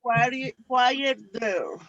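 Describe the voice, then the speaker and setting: A student answering slowly and hesitantly in an online English class. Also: mid-range voice, a bit bright, no echo. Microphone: video call. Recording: dry dull video call audio.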